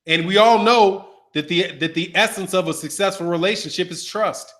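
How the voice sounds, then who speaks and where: A man hosting a boxing commentary channel, talking in an animated, emphatic and slangy way. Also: sits high, normal speed. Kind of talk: casual commentary.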